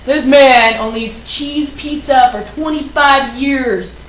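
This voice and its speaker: A woman's voice: high-pitched, takes it slowly, fairly bright tone, roomy sound, slight background noise, poor audio. Brash teasing woman hosting live. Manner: brash, teasing, playing tough. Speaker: morning show host. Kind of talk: casual live-show banter. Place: hotel studio.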